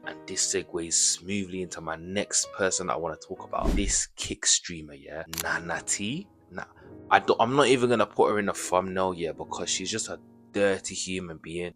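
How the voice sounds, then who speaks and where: A man's voice: sits low, fairly bright tone. A man doing ranting reaction commentary, indignant and repetitive, full of slang. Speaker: commentary YouTuber.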